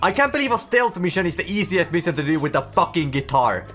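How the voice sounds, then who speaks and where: A man giving gameplay commentary. He swears a lot, gets excited fast and yells when things go wrong. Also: high voice, soft background music. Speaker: gaming YouTuber.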